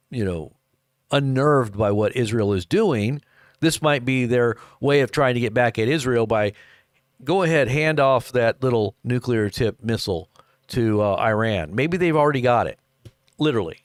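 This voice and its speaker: A man's voice: mid-range voice, no echo, studio quality. A man from the United States hosting unscripted live news commentary, rambling with many fillers and restarts.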